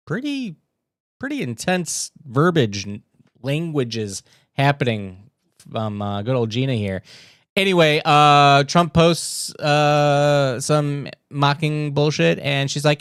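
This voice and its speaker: A man's voice: a little high, lively intonation, slow, fairly bright tone, clear, resonant tone, no echo, clean studio sound. A man hosting a casual political news livestream, sarcastic and mocking as he reads posts aloud and comments on them. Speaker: livestream host.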